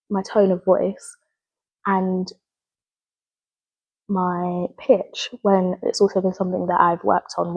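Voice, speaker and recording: A woman's voice: lowish voice, breathy edge, rough recording. A young woman, a drama student, talking through her goals in an earnest, rambling video log and often correcting herself. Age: young adult. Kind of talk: spoken reflective video log.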